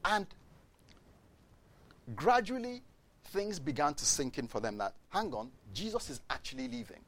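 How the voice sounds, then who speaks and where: A man delivers a sermon in a voice that sits a little on the high side. He tells the story with energy, slipping into the voices of the people in it. He keeps turning to the congregation with direct questions. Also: sing-song, moderate pace, long pauses, fairly bright tone. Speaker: preacher.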